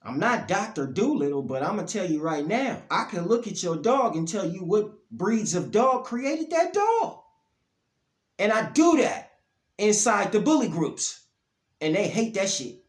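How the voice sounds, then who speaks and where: A man, ranting bluntly about dog breeding, his voice swinging from low grumbles to loud outbursts. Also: very animated, measured pace, roomy sound. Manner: blunt, profane, heated, pitch and loudness swinging up and down. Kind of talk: ranting monologue to camera.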